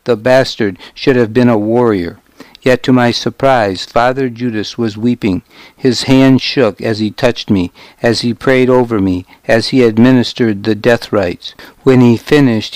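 A man narrating an audiobook in the first person, dry and gruff. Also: mid-range voice, fairly even intonation, unhurried, darkish tone, no echo.

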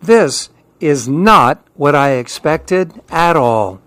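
Slow, gentle male storyteller. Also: fairly high pitch, dry recording. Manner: slow, gentle, expressive reading. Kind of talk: children's story read-aloud.

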